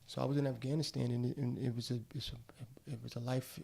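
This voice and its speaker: A man's voice: medium pitch, little pitch movement, quick pace, vocal fry, darkish tone, husky. A middle-aged man who is a guest actor, talking casually on a podcast in slangy, loose speech. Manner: slangy and loose, calls people bro. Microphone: studio podcast mic.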